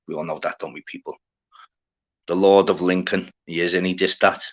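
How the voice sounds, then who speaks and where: A man's voice: deep voice, flat delivery, moderate pace, a bit bright, highs cut off. A man hosting a livestream, chatting casually and rambling to his viewers, full of slang and swearing as he greets people in the chat. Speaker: livestream host.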